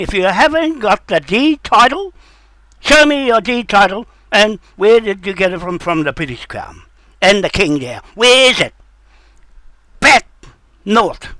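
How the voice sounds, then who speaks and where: An older man holds forth in an indignant, accusing monologue, circling back to the same points. His voice sits high and swings widely in pitch. The sound is dry and close, with no room around it. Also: sharp tone, no echo. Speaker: self-styled sovereignty advocate. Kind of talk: rambling monologue.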